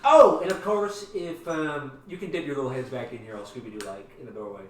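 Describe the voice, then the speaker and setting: A game master voicing a greedy, smug company boss in a tabletop game, with a put-on drawl and a folksy, bossy, teasing manner. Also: male voice, medium pitch, a little fast, slight background noise, natural voice. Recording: roomy and distant, music behind.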